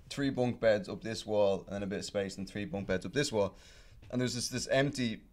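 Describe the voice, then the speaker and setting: A man on a casual podcast chat, telling a long story in a rambling, profane way full of fillers and restarts. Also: lowish voice. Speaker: podcast guest telling stories.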